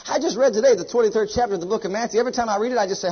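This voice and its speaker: A fervent male preacher with a husky, breathy edge to his high voice. He builds from hushed intensity to ringing exhortation, and the recording sounds dull and lo-fi. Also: very fast, few pauses. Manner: fervent, swinging from loud exhortation to low intensity. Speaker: pastor. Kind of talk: sermon.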